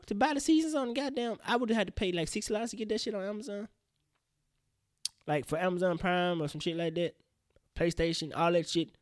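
A man hosting a casual solo podcast, rambling in slang with profane, animated outbursts. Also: fairly high pitch, dry recording, studio quality. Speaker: podcast host.

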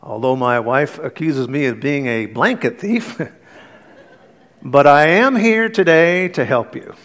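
A middle-aged male pastor preaching a sermon, telling stories with earnest warmth and light humor, then leading a prayer. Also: on the high side, animated, slow.

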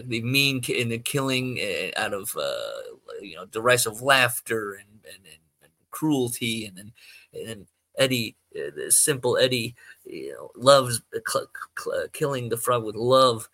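Guy reading someone's story aloud, stumbles a lot, bright dry voice. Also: lowish voice, gravelly, no room sound. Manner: rambling, stumbling, self-correcting. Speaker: podcast host. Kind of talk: reading amateur fiction aloud, with asides.

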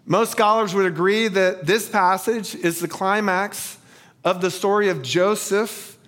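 A male pastor delivering a sermon with a fairly high voice. He tells stories at a slow, deliberate pace and leans on rhetorical questions. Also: steady tone, a bit bright.

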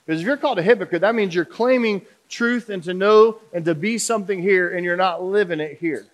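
A male pastor with a notably high voice delivers a sermon in a relaxed, conversational manner. He jokes and keeps asking the congregation questions. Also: a little fast. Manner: humorous, conversational, audience questions.

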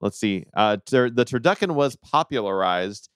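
A man's voice: medium pitch, expressive, moderate pace, fairly bright tone, clear, resonant tone, no echo, clean studio sound. Man hosting a podcast trivia game. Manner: hesitant, many fillers, easily laughing. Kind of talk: casual podcast chat.

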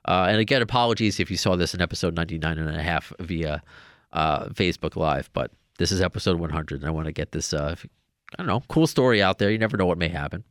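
A man's voice: sits low, fast, a bit bright, no echo, clean studio sound. A man hosting a podcast, telling a long story in a casual, rambling way with many restarts. Now and then he raises his voice to act out what others said. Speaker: podcast host.

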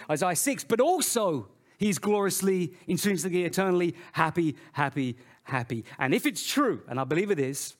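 A man preaching a sermon in an animated way, swinging between loud, emphatic phrases and quiet, low asides. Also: normal speed. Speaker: pastor.

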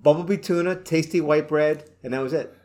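A man in a casual chat, answering with quick wry remarks. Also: fairly high pitch, darkish tone. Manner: quick back-and-forth reactions, wry. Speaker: co-host.

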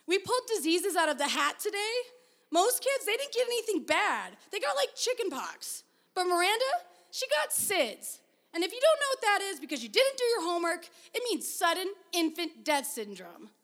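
A high, piping young boy, as a woman reads him, anxious and earnest. His voice climbs well above the reader's own as he pleads and whines. It is a storybook voice for a sensitive kid. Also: very animated, normal speed, fairly bright tone, full character voice. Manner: whiny, breathless pleading.

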